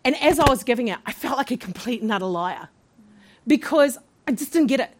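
A woman pastor telling her own story in a sermon, animated, with laughing asides. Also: on the high side, brisk. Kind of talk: sermon testimony.

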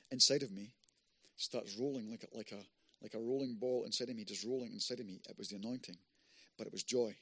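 A man preaching a testimony in a chatty storytelling manner, often asking the crowd "right?". His voice sits in a middle register and sounds dry and close, with no room echo. He gets louder and more forceful as the story rises. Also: medium pitch. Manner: conversational storytelling, grows loud and emphatic. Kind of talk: sermon testimony.

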